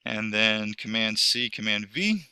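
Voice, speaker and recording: Rambling male teacher, gravelly and bright. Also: lowish voice, lively intonation, a little slow, no echo. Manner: rambling, self-correcting, talks through each step. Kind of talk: screen-recorded lesson.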